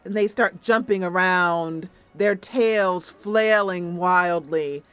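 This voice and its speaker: A woman's voice: lowish voice, slow pace, fairly bright tone, smooth. A woman narrating a voice-acted role-play of a computer game, with playful, laughing asides.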